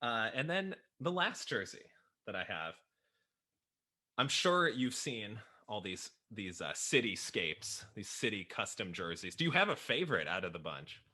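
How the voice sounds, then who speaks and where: A man's voice: on the low side, big pitch swings, a little slow, sharp tone. A man from Chicago chatting casually about his jersey collection, enthusiastic and self-deprecating, laughing often. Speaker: writer and podcaster, guest. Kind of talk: casual chat showing off jerseys.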